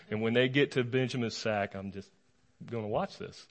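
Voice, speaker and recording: A man's voice: mid-range voice, moderate pace. A middle-aged male pastor preaching a humorous sermon, retelling a story playfully and acting out the quotes.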